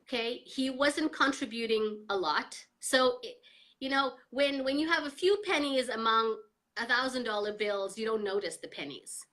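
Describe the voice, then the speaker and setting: A woman's voice: on the high side, moderate pace. A middle-aged woman, a guest on a live interview, talking emphatically and energetically about mindset and coaching. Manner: energetic, emphatic motivational talk.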